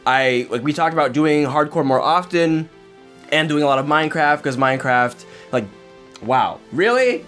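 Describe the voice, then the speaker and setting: A man's voice: fairly high pitch, animated, moderate pace, a bit bright, soft background music. A man hosting a casual post-show podcast, rambling along with lots of filler words and restarts. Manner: rambling, filler-heavy, self-interrupting. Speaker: podcast host.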